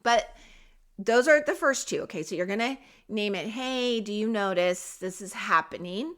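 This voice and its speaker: A woman's voice: medium pitch, expressive, normal speed, fairly bright tone. Middle-aged woman coaching parents directly. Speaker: podcast host. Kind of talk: parenting advice podcast.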